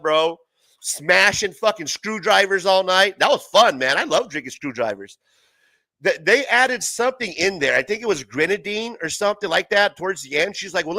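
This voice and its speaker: High, lively, profane young man. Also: dry recording. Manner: profane, rambling, laughs often. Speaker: livestream host. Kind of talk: casual livestream chat.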